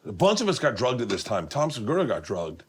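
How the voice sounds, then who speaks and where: Middle-aged man, host, animated storyteller, shifts into high excited voices for quotes. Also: fairly quick, slightly rough. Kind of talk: storytelling in casual chat. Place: home kitchen.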